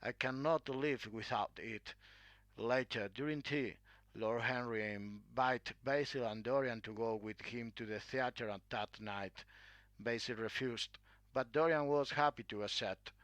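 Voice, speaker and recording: A man narrating a classic story, reading in a clear, measured way. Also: mid-range voice, a bit bright, no echo.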